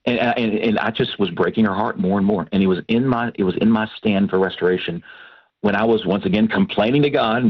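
A man from Texas, a pastor and Christian counselor, giving an animated personal testimony in a radio interview. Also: on the low side, brisk, vocal fry, slightly rough. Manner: animated storytelling, acts out quoted voices. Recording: dull lo-fi radio broadcast.

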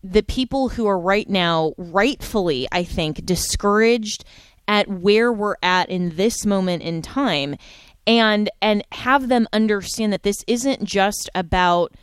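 A woman's voice: medium pitch, takes it slowly, clean tone, dry recording. A woman hosting a talk show, speaking in an emphatic, indignant way. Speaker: host.

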